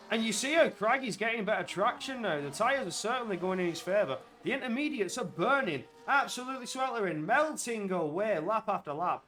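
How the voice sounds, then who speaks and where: A man giving live commentary on an online racing league, getting excitable and loud when the action heats up. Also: high-pitched, fairly quick, hardly any pauses. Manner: excitable, rises to shouts at action.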